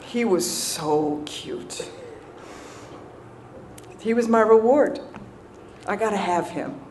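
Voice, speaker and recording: Woman, mid-pitched, recovery speaker, self-mocking comic storyteller, laughs a lot, faint noise under the voice. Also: lively intonation, slow pace. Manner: checks in with the crowd with "right?". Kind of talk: humorous recovery talk to an audience.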